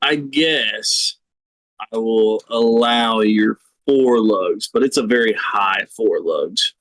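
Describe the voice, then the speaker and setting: A man's voice: lowish voice, takes it slowly, fairly bright tone, dry recording, rough recording. A man co-hosting a podcast in casual chat, playful with dry jokes. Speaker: podcast co-host. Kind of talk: casual chat reviewing race car paint schemes.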